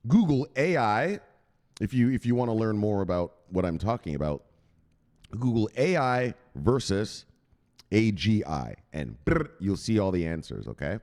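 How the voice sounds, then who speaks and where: A man's voice: fairly low pitch, big pitch swings, normal speed, a little mellow. A man presenting crypto news, reading an article aloud and breaking off into casual, chatty asides to his viewers. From United States. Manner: chatty, digressive, asks viewers to google things.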